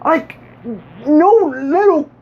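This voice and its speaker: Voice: very high-pitched, extremely slow. A vlogger ranting casually to viewers, rambling and stumbling over repeated words with a sarcastic edge. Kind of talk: casual monologue rant. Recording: dull lo-fi recording.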